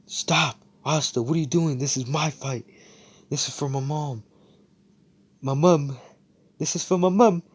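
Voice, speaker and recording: A man voicing a stubborn young male mage who insists on fighting alone, strained and shouting. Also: fairly high pitch, unhurried, pauses often, husky, voice pushed up. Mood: defiant.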